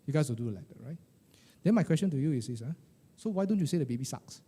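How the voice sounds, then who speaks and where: A middle-aged man, coaching a live group of financial advisors in a lively, colloquial way, firing questions at the room. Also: medium pitch, fast talker, breathy edge. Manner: animated, questioning the audience, colloquial with "lah" and "eh". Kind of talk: motivational workshop talk to a live group.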